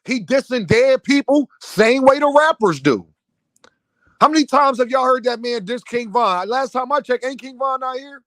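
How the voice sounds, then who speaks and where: High-voiced man ranting in heated commentary. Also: fairly bright tone, dry recording. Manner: heated, preachy, repetitive rhetorical questions. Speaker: commentary host. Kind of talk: impassioned commentary rant.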